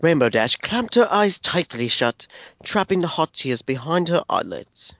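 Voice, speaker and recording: A man reads a fan story aloud as narrator, his pitch bouncing lively across each line. His voice sits a bit high for a man. The recording is dry and lo-fi. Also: unhurried, no room sound. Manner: expressive storytelling. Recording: dry, dull lo-fi sound.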